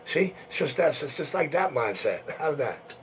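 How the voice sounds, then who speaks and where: A man's voice: fairly high pitch, very animated, moderate pace, slight background noise. A man hosting an internet radio show, taunting and boasting in a profane monologue.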